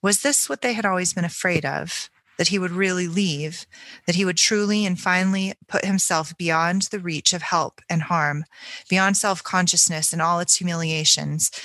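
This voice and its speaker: A woman co-hosting a book podcast, reading a passage from a novel aloud in a measured, reflective way. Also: on the low side, a bit bright, no room sound. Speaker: book club podcast co-host.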